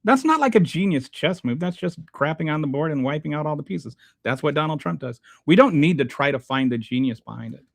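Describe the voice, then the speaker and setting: A man hosting his own show, reading viewer comments aloud and answering them in a halting, blunt, exasperated way, restarting his sentences often. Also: fairly high pitch, expressive, creaky, dry recording. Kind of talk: casual unscripted commentary.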